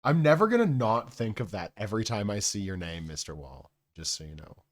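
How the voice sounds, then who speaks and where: A man's voice: lowish voice, animated, fairly quick. Joking male streamer, mumbles then bursts out. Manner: joking and rambling, jumping between mumbling asides and loud outbursts. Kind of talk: casual live-stream chat.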